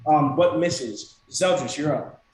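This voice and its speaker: Echoey game master narrating the action. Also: male voice, on the high side, slow pace, a little mellow. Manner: walks through actions step by step.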